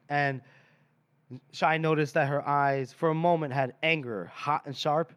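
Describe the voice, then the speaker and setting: A man's voice: on the high side, steady tone, a little slow, fairly bright tone, clear, resonant tone, no room sound. A man co-hosting a podcast, casually retelling a book chapter and briefly quoting the characters, with the odd swear word. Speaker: podcast co-host. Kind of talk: casual book-club recap.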